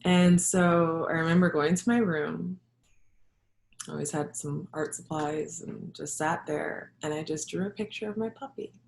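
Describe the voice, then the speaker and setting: A middle-aged woman, a health practitioner and yoga teacher, sharing a personal story in a reflective, halting way with soft laughs. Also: deep voice, steady tone, creaky. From Jamaica. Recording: echoey room.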